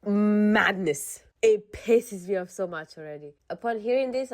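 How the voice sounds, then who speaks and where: A woman reading relationship posts aloud in a casual storytime, then breaking off to rant with exasperated outbursts and some swearing. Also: lowish voice. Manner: reads posts then rants with animated outbursts.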